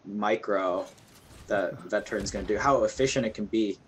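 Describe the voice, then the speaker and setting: Chatty low-voiced game co-caster. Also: male voice, fairly quick, a little hiss or hum. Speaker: tournament co-caster. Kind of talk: casual game commentary.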